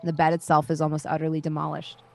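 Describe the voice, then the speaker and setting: A woman narrating as game master of a tabletop horror game, relaxed and loose, with fillers. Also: deep voice, fast, vocal fry.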